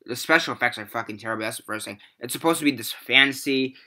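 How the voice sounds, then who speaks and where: A man's voice: medium pitch, fast talker, bright, forceful tone. Profane young man ranting about movies. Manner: profane, rambling, exasperated. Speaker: movie reviewer. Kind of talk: casual ranting review.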